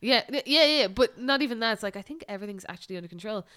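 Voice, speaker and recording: A young Irish woman co-hosting a podcast in casual, animated chat. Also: on the high side, rapid-fire. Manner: animated, exclaiming, relaxed. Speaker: podcast co-host.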